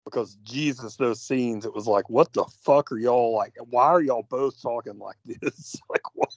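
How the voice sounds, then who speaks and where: A man's voice: medium pitch, normal speed, husky, dry recording. Guy cohosting a movie podcast, rants and swears, says like a lot, muffled lo-fi mic. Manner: ranting, profane, lots of likes and laughs. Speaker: podcast co-host. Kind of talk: casual movie podcast chat. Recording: dull lo-fi sound.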